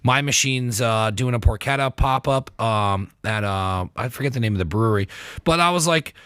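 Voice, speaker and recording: Host dude, bright sharp voice, laughs a lot, super dry mic. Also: male voice, medium pitch, smooth, dry recording. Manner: laughs easily, quick back-channel yeahs. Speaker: podcast host. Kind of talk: casual chat. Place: basement studio.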